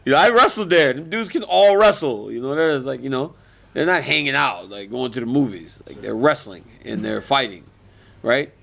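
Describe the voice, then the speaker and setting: A man's voice: medium pitch, normal speed, creaky. A man in his forties, an MMA fighter, answering reporters in a casual media interview, telling stories with lots of laughter. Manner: animated storytelling, laughs often.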